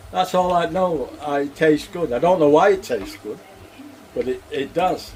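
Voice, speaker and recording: This older man's voice sits a little high and a little mellow, at a moderate pace. A cooking vlogger, he chats casually while cooking at home, rambling, chuckling, and speaking plainly.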